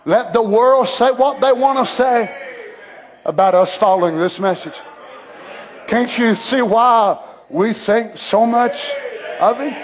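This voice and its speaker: A man preaching a sermon with passion, dropping to a hush and then rising to shouts. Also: very high-pitched, slow. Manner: impassioned, swinging between hushed and shouted.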